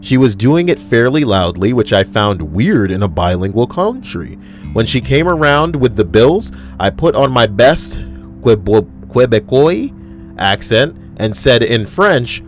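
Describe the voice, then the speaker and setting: A man's voice: medium pitch, very animated, unhurried. A man reading stories aloud for a video, with swearing and chatty side comments into a desk microphone. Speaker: online video host. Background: soft background music.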